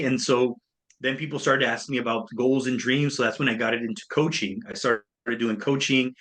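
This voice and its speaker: Medium-pitched and speaking at a normal speed, a man in his thirties tells his story in an interview. He's a speaker and coach, and he animatedly voices the people he quotes.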